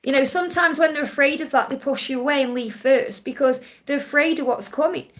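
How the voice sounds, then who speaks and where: Female live-stream psychic host, high voice, gentle, reassuring delivery. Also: brisk. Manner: gentle and reassuring, ends points with a soft "okay?"; relays messages in first person with emphatic repetition. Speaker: psychic card reader hosting a live Q&A.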